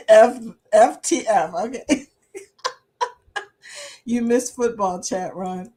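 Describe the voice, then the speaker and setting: A woman's voice: a little high, very slow, mellow, husky. A woman hosting a casual livestream chat, laughing often and reading viewer comments aloud. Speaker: livestream host.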